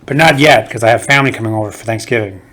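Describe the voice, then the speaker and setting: A man's voice: medium pitch, very fast. A man doing a stand-up set for a home-made video with no audience, telling stories and acting out the people in them. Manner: animated storyteller who acts out the people in his stories. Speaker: stand-up comedian.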